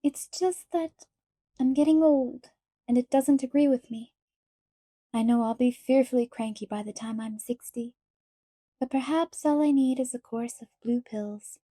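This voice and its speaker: Woman doing a wistful whimsical lady, dramatic sighing delivery, high voice, mellow dark tone, storybook reading. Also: measured pace, no room sound, studio quality. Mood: weary.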